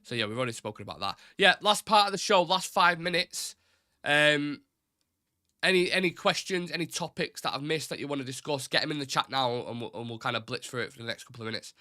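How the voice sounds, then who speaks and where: A man's voice: fairly high pitch, no echo, studio quality. A young man from Salford with a Mancunian accent, hosting a live fan show and reading out chat questions in a blunt, opinionated way. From Salford, Greater Manchester. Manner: blunt, opinionated, swears, fast and animated. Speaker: host of a fan talk show. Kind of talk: live-stream chat, reading viewer comments.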